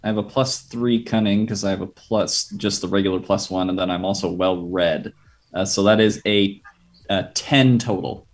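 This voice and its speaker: Hesitant low-voiced male player. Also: fairly even intonation. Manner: hesitant, halting with uhs. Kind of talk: casual tabletop play.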